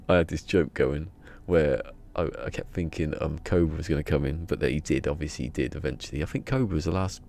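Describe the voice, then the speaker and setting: A man's voice: a bass voice, a little fast, a little mellow. A man chatting casually on a live game stream, joking and rambling with frequent laughter.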